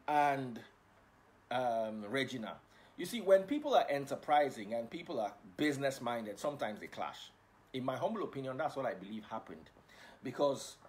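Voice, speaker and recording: Nigerian guy rambling live to his viewers, joking around then preaching, mixes in pidgin. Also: mid-range voice. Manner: switches between English and pidgin, playful and preachy. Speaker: livestream host and broadcaster. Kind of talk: casual live chat to viewers.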